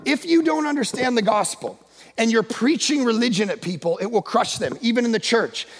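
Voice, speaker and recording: A male guest pastor preaching a sermon in a church, emphatic and often shouting. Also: very high voice, expressive, a little fast. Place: church sanctuary. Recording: long echo of a large church hall.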